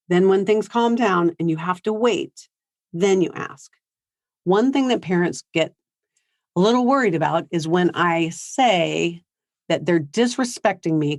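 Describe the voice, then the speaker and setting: A woman's voice: fairly low pitch, no echo, clean studio sound. A woman giving a parenting seminar in a conversational way, acting out what teens and parents say. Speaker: parenting speaker. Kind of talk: seminar talk. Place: high school seminar.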